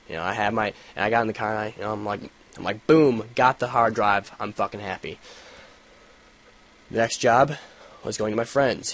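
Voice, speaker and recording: A young man telling a story in a casual vlog, swearing a lot and rambling, with sudden loud rants. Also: lowish voice. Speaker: gaming vlogger. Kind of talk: casual ranting vlog update.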